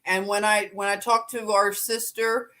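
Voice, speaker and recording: A woman's voice: medium pitch, level tone, a little slow, bright, forceful tone. A woman hosting a live stream, chatting casually and greeting viewers by name with easy laughs.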